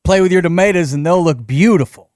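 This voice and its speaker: A man's voice: high-pitched, fast talker, a little mellow, no echo. A man hosting a podcast, needling his guest in casual chat from a studio. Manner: teasing, needling. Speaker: podcast host.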